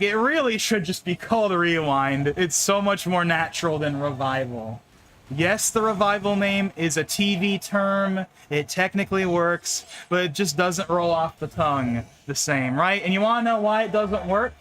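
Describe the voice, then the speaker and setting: A man's voice: sits high, a bit bright. Chatty young man streaming a game. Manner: chatty, rambling, laughs often, repeats words. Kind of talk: casual live-stream chat while gaming.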